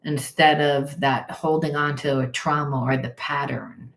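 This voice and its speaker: Low-voiced woman telling a blunt story. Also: measured pace. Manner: animated, blunt, acts out quoted voices. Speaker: spiritual coach. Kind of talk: casual storytelling monologue.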